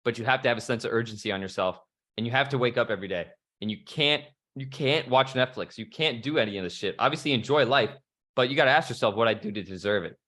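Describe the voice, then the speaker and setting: A man's voice: mid-range voice, quick pace, bright, forceful tone. A young man giving a fired-up motivational talk on a video call, casual and profane, full of bro slang. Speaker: motivational speaker.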